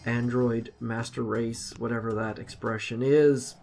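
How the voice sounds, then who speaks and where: Gravelly man narrating his gameplay. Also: mid-range voice, measured pace, a little hiss or hum. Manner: self-deprecating, excitable outbursts over a relaxed ramble. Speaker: gaming commentator. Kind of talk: gameplay commentary.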